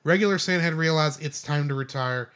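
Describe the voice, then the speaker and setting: A man's voice: a little high, quick pace, fairly bright tone, smooth. Thoughtful man reviewing a film. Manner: thoughtful, repeats words while searching. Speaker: podcast co-host. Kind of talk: casual film review chat.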